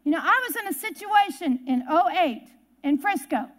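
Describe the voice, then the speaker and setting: A woman's voice: very high-pitched, expressive, moderate pace. A woman. She leans on homey stories and hammers key words again and again. Her delivery stays emphatic from start to finish. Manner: emphatic, folksy storytelling, repeats key words. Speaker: preacher. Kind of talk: sermon. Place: church service.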